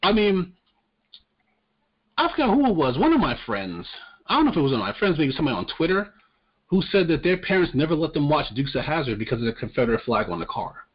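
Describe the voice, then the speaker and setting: A fairly high, husky voice with big pitch swings belongs to a fast-talking podcast co-host discussing the news casually. He's blunt and profane, stammering whenever he restarts a sentence, and the audio is muffled lo-fi.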